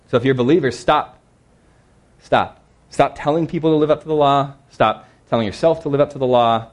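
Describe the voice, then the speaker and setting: A man preaching a sermon in a conversational, earnest way, slowing down to read scripture verses. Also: mid-range voice.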